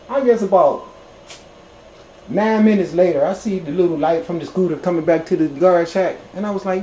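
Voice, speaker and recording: Casual storytelling guy, kinda high mellow voice, cusses a lot, echoey room. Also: brisk, a little hiss or hum. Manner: animated, swearing, gets high and loud when excited. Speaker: vlogger telling his own story. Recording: roomy echo, faint background ambience.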